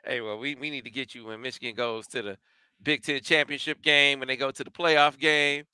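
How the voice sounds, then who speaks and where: A male show host with a very bright, crisp voice. He asks questions and jokes in an easygoing manner. The sound is dry, with no room echo. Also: medium pitch, fairly even intonation, brisk. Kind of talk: casual interview chat.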